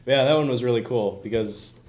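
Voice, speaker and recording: A man's voice: mid-range voice, fairly quick, a little mellow. A man, a real estate agent, chatting loosely on a podcast and filling his talk with "like". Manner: loose, chatty, says "like" a lot. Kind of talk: casual podcast chat.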